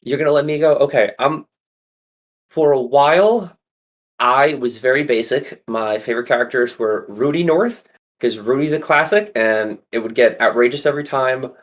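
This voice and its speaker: A man's voice: medium pitch, moderate pace. A man co-hosting a casual podcast who rambles through a story with lots of "um" and "like.". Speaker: podcast co-host. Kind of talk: casual chat.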